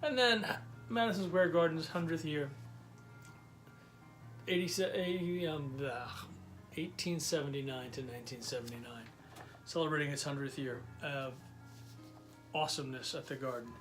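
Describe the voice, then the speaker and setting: A man's voice: a little high, steady tone, normal speed, pauses often, faint music behind. Chatty New man showing his collection. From New York, USA. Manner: enthusiastic, chatty, with many fillers. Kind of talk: casual show-and-tell vlog.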